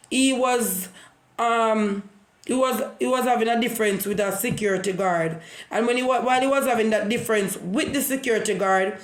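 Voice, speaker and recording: Jamaican woman vlogger, repeats herself as she preaches, recorded in a room with echo. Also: on the high side. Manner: repetitive, preachy storytelling. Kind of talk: casual monologue.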